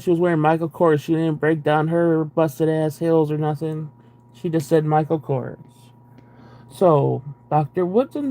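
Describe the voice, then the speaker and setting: A man's voice: a little high, creaky, dark tone. A young man on a live stream reading a book aloud and breaking off into profane, exasperated, sarcastic commentary. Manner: profane, exasperated, sarcastic asides between read passages.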